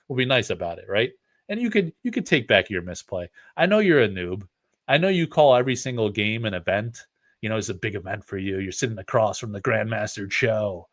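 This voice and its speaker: A man's voice: medium pitch, lively intonation, normal speed. A man from the Northeastern United States, a card collector hosting his channel, telling rambling, joking stories while he opens card packs at home. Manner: rambling, joking, trash-talking banter. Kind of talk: casual storytelling while opening card packs.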